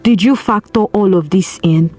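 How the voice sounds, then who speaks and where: Faint music plays behind a woman with a Nigerian accent, whose mid-range, darkish voice moves at normal speed. Hosting a solo advice podcast, she's earnest and preachy, asking rhetorical questions in long runs.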